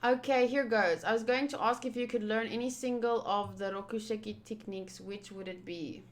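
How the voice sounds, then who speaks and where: A woman's voice: fairly high pitch, moderate pace. A young woman reading a comic aloud with playful, chatty commentary. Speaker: manga reader YouTuber.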